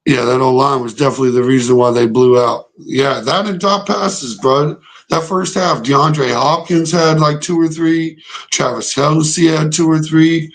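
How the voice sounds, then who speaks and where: A man's voice: fairly high pitch, fairly even intonation, unhurried. Young man, sports streamer, argues hotly with chat, lots of profanity. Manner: heated, profane, argumentative with chat. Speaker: sports show host reacting live. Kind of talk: casual livestream reaction, reading chat.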